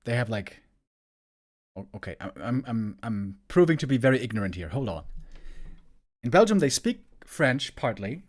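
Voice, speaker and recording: Chatting casually with his stream audience, a German esports caster speaks American-style English at a moderate pace with long pauses. His medium-pitched voice is very animated, and he rambles, repeating words while searching for them.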